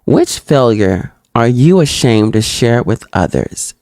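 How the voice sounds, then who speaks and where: A woman hosting a solo podcast, reading out reflection questions and answering them in an animated, outspoken way, talking straight to her listeners and acting out little exchanges. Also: slow pace, no room sound. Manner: acts out little dialogues in higher voices. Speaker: podcast host.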